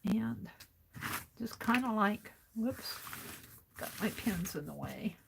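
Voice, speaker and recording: A woman talks through a crafting demonstration, murmuring to herself and often dropping to a half-whisper. Her pace is slow and unhurried, and her voice has a gravelly edge. A faint hiss sits behind her. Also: medium pitch, lively intonation. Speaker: mixed-media art streamer.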